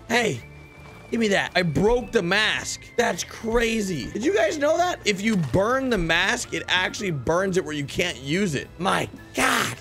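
A young gaming YouTuber with a high voice gives excitable gameplay commentary. He calls out to his viewers and exclaims at what he finds.

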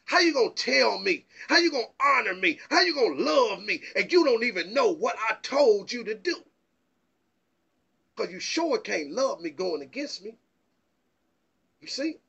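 An excitable Bible teacher preaches informally, stammering over repeated words and pressing rhetorical questions at a moderate pace. His high, gravelly voice has a husky edge, and the recording is muffled and lo-fi.

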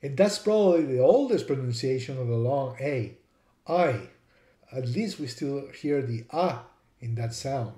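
Man, teacher, mellow tone, echoey room, demonstrates sounds. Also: mid-range voice, animated, normal speed. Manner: spells words out letter by letter, repeats sounds to demonstrate. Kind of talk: explanatory lesson.

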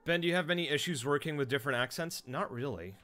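A man's voice: a little high, quick pace, bright, forceful tone. A man who streams and voice-acts, chatting casually with his viewers in a rambling, self-deprecating way, full of fillers and restarts. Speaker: streamer and voice actor.

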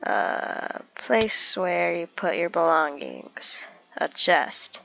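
Describing each action as she plays a survival game, a woman gives casual let's-play commentary to herself. She sounds animated, drawing out words in a lowish, creaky, slightly bright voice, captured on a dull lo-fi recording with faint background noise.

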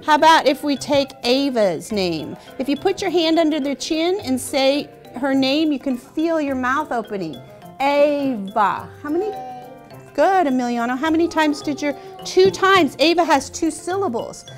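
A woman's voice: sits high, animated, moderate pace, soft background music. A young woman hosting a children's show, teaching young kids in a patient, encouraging way and asking them questions.

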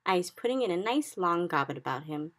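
A woman's voice: lowish voice, sing-song, brisk, a bit bright. A woman voicing a big friendly male giant who speaks in mangled grammar and invented words. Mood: gentle.

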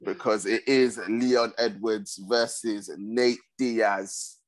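A man hosting a casual sports podcast, talking in a steady, measured way. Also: fairly low pitch. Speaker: podcast host.

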